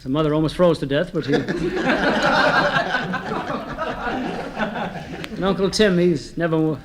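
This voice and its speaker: A man telling comic stories, delivering one-liners with a deadpan manner. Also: on the high side, quick pace, heavy background noise. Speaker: comedian. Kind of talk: comic storytelling.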